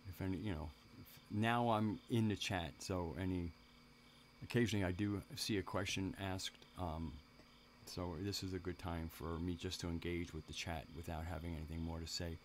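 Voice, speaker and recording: A man with a very low voice hosts a casual live stream, speaking at a moderate pace with fairly even intonation. He rambles, starts sentences over, and breaks off to address viewers in the chat. Faint noise and crickets can be heard in the background.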